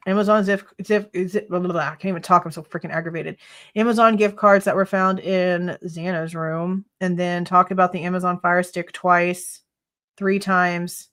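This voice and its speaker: A woman's voice: fairly low pitch, steady tone, normal speed, fairly bright tone. A woman hosting a live true crime stream, reading court documents aloud and ranting in exasperation, swearing freely. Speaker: true crime livestream host.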